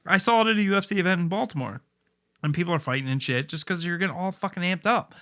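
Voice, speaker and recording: A man's voice: high voice, quick pace, a bit bright. A man co-hosting a podcast, telling laid-back stories with plenty of swearing and laughter. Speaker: podcast co-host. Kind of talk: casual chat.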